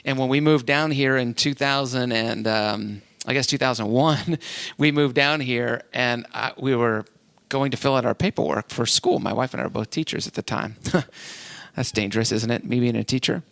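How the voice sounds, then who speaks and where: A man's voice: mid-range voice, moderate pace, creaky, a bit bright, dry recording. A man from Cleveland, Ohio, hosting a casual podcast as a real estate agent, rambling and self-deprecating. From Cleveland, Ohio, USA.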